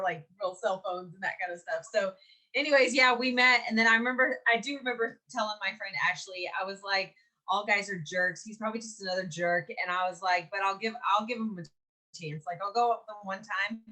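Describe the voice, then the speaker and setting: A woman in her forties from Mississippi, co-hosting a podcast and telling a story in a lively, chatty way, laughing often and acting out what people said. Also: fairly high pitch. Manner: animated, laughs often, acts out quotes. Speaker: podcast co-host. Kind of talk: casual storytelling chat.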